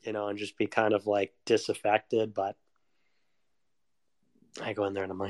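A man's voice: lowish voice, monotone, moderate pace, long pauses, dry recording, studio quality. A young man in a casual confessional monologue, rambling and self-deprecating, with frequent swearing. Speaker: vlogger.

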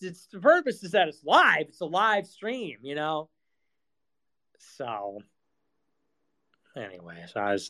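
A man's voice: on the high side, fairly bright tone, low-quality recording. A man hosting his own live talk, ranting sarcastically and swearing often, mocking others in whiny voices. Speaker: streamer hosting live audio spaces. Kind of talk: casual monologue.

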